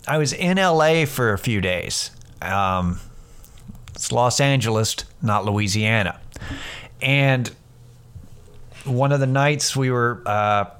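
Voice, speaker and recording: Middle-aged male comic, solo podcast host, loose profane storyteller who keeps restarting, mid-pitched. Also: fairly bright tone, clear, resonant tone. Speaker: stand-up comedian. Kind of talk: casual solo podcast monologue.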